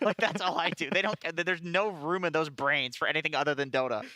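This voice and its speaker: A man's voice: on the high side, steady tone, brisk, sharp tone, dry recording. A man on an esports panel, casual and joking while he breaks down picks. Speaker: esports analyst. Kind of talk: panel analysis.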